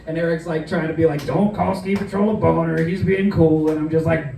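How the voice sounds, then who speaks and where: Mellow-voiced man telling a profane comic story. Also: on the high side, steady tone, fairly quick, vocal fry, few pauses, roomy sound, far from the mic, slight background noise, poor audio. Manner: loose, profane, rambling with many fillers. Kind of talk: comedic storytelling monologue.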